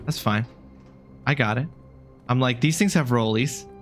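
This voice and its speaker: A man talks his way through a video game live at a middling pitch, keeping up an easy running chat with viewers. He apologizes readily and drops the odd swear word, and faint music sits under his voice. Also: unhurried. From Canada. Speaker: game streamer. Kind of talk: live let's-play commentary.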